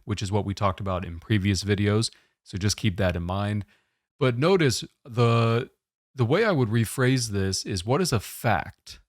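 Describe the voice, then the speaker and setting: A man giving a test-prep lesson, explaining question types in a steady, methodical way. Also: fairly low pitch, dry recording, studio quality.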